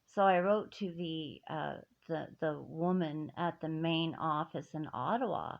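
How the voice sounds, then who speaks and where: A middle-aged woman speaks to camera about a personal grievance, emphatic and indignant, with many restarts. Her voice sits low, creaky and measured in pace, and the audio is dull and lo-fi.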